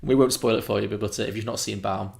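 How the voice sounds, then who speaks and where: A man's voice: on the low side, fairly even intonation, quick pace, creaky, a little mellow. A man co-hosting a film podcast, chatting casually and rambling with frequent self-corrections and chuckles. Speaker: podcast co-host.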